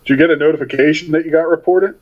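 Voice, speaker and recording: A man's voice: fairly high pitch, steady tone, fast. A man co-hosting a casual podcast chat, tossing in sarcastic jokes and asides. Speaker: podcast co-host. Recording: dull lo-fi sound.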